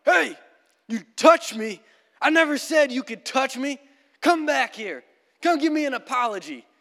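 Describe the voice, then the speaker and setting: A man voicing a belligerent, scrawny male hiker who shouts and taunts, looking for a fight. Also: very high-pitched, lively intonation, a little slow, in a large hall, pitched above the performer's own voice, heavily acted. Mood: angry shouting.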